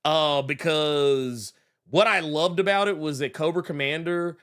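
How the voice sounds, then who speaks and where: A man co-hosting a casual comic book talk show, animated and swearing freely, with loud laughs between points. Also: a little high, a little slow, smooth. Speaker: podcast co-host.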